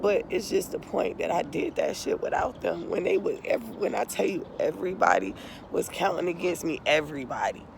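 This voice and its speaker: A woman's voice: lowish voice, lively intonation, moderate pace, vocal fry, noisy background. A middle-aged woman vlogging an emotional, tearful testimony, impassioned and profane, calling her viewers "y'all" again and again.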